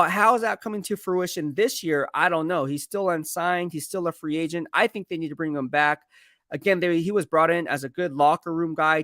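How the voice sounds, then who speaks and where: A man's voice: fairly high pitch, a bit bright, no echo, studio quality. A man, a sports beat writer, talking through team moves on a casual live stream in a rambling, conversational way and reading viewer comments aloud. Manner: rambling, conversational, self-correcting.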